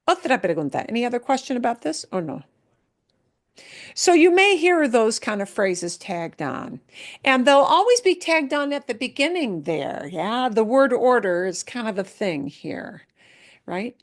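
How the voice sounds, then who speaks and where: A woman teaching a Spanish class online talks at a slow, unhurried pace. She explains each point patiently and says her examples over and over. Her voice comes through a video call. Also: mid-range voice. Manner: patient, explains slowly with repetition.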